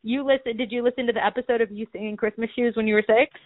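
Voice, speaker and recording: A woman's voice: on the high side, fairly even intonation, racing, no room sound. A woman hosting a podcast, chatting and giggling on a phone call. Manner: giggly and gushing. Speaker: podcast host. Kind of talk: casual chat. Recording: tinny phone line.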